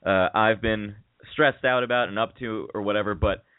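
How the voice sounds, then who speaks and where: A man's voice: fairly low pitch, normal speed, smooth, dry recording. A man co-hosting a radio show, telling candid stories in casual chat and swearing freely, feeling feverish. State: feverish, getting chills. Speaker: radio co-host. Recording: dry tinny phone-like sound.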